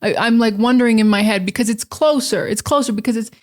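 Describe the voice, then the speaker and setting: A woman's voice: fairly high pitch, fast talker. A woman with a General American accent, teaching English in a casual vlog, chatting with lots of "like" fillers and repeating words to show how they sound. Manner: frequent "like" fillers.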